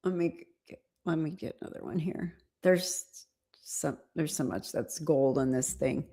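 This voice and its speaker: A woman's voice: sits low, unhurried, warm tone. A middle-aged woman, a former flight attendant, giving casual live-stream reaction commentary with chatty, amused asides.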